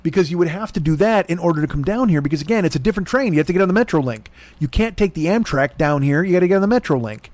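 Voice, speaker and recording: A man with a high, very lively voice rants through a comic story, cursing freely and playing out both sides of each exchange. His exasperation carries every line, and the studio sound is close and dry. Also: racing, hardly any pauses, no room sound. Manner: profane, exasperated, acts out both sides of conversations. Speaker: podcast host. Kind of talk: comedic ranting story.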